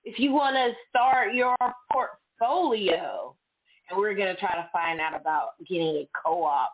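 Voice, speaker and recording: A woman's voice: fairly low pitch, measured pace, slightly rough. A middle-aged woman hosting a casual chat, candid and chatty, acting out her own stories. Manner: candid, chatty, animated self-quoting storyteller. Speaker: host. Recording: tinny phone-like audio.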